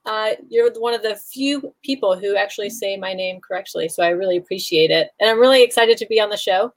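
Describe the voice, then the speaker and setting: A woman's voice: medium pitch, a little fast. A woman from Louisiana, an upbeat, friendly and giggly guest on a podcast. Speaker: guest, copywriter. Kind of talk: casual interview chat.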